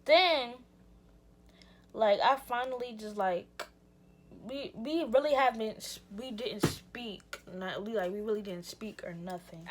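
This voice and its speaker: A young woman vlogger telling a rambling, slangy story in a casual chat with lots of "like" and restarts. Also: a little high. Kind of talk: casual storytime while getting ready.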